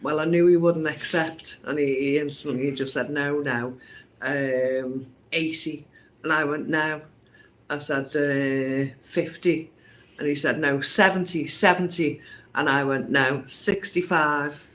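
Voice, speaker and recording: A man's voice: on the high side, fairly even intonation, a little slow, a bit bright. A man telling a travel story in casual conversation, often checking with his partner. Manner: conversational, often asks "didn't we?", laughs. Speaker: co-host.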